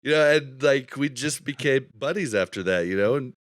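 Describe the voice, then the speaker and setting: A man's voice: medium pitch, animated, normal speed, no echo, studio quality. A man hosting a podcast, telling rambling stories in casual chat and laughing often. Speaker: podcast host.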